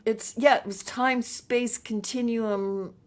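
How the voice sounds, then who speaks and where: A woman's voice: fairly high pitch, fairly even intonation, slow pace, crowd noise. Easygoing rambling woman co-hosting. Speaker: co-host. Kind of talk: casual livestream chat.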